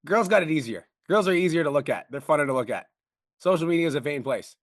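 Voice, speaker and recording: A man coaching on a call, blunt and profane, talking fast and pressing hard. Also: on the high side, animated, no echo, studio quality. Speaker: business coach.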